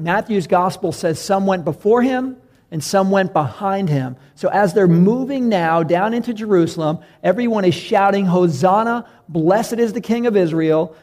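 A man's voice: high voice, darkish tone. A man preaching a sermon to a congregation, conversational and direct, acting out the voices of crowds in his story. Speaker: pastor.

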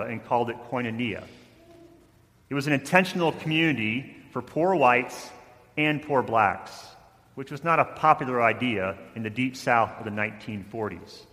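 A man preaching a sermon, telling a story with rising intensity, then softening toward a quiet close. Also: medium pitch, in a large hall. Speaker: pastor.

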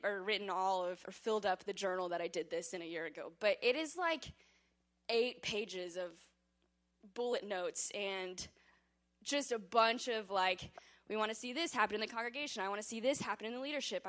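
A woman giving a personal testimony to a church congregation, telling her story in a chatty, animated, self-deprecating way and saying she yells when she talks. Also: medium pitch, normal speed.

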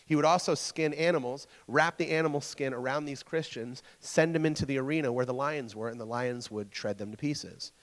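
A man's voice: medium pitch, fairly quick, few pauses, in a large hall. A man preaching a casual sermon to a church group. He stumbles over his words, repeats himself and keeps checking in with the listeners.

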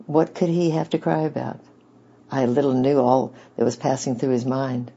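A man giving steady storybook narration as an audiobook reader. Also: mid-range voice, moderate pace, vocal fry, slightly rough. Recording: dull lo-fi recording.

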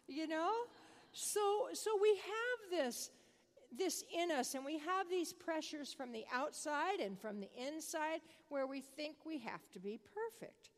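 An older woman preaching a sermon, telling a family story in a conversational, animated way. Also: high-pitched, unhurried. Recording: long reverb of a large hall.

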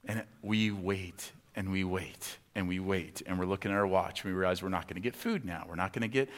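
A man's voice: sits low, fairly quick. A man giving a sermon as a conversational story, with many fillers and acted-out quotes. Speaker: pastor. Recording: long hall reverb.

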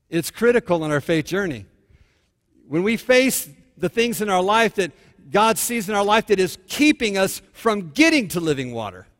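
Guy pastor preaching, kinda high voice, long hall echo, storytelling then fired up. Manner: storytelling, shifts from hushed to fervent. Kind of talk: sermon.

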